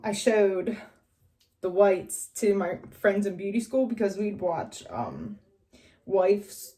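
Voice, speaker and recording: Young West Virginia woman, loose get-ready vlog chatter, mellow voice, drifts between topics. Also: mid-range voice. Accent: northern West Virginia. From West Virginia, USA. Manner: rambling, chatty, drifts off quietly. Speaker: vlogger. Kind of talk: casual get-ready-with-me chat.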